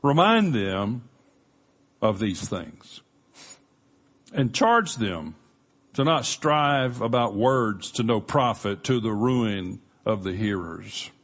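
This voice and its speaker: A man preaching a sermon as pastor, earnest and emphatic, with measured pauses. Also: lowish voice, animated, a bit bright.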